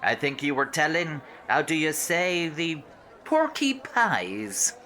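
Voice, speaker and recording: A man plays a bumbling young French valet in a comic radio play, his voice thick with a put-on French accent. He speaks slowly with a bright tone, his pitch bouncing all over. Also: sing-song, a little hiss or hum, heavily acted. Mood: flustered.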